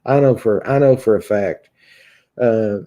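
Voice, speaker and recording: A man with a Kentucky accent hosting a livestream, reading viewers' comments aloud in a halting, casual way full of filler sounds and restarts. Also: lowish voice, dark tone. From Kentucky, USA. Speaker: livestream host reading chat.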